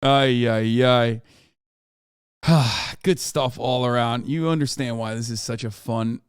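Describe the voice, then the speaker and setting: A man's voice: mid-range voice, moderate pace, smooth, no echo. Man, streamer host, sardonic and profane, casual reaction talk, dry close sound. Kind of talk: casual political reaction commentary.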